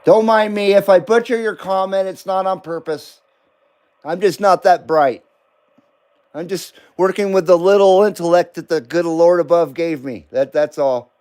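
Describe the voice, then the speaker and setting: A man's voice: high voice, fairly even intonation, normal speed, a little mellow, clear, resonant tone. A middle-aged man hosting a live stream, chatting casually, joking and laughing often as he reads comments.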